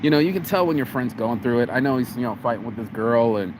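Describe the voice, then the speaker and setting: An American man talks straight into a phone camera outside on a cold day, rambling and swearing freely. He restarts and repeats his words often, in a voice of middling pitch. Faint street noise sits behind him. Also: quick pace. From United States. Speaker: vlogger. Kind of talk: casual vlog monologue.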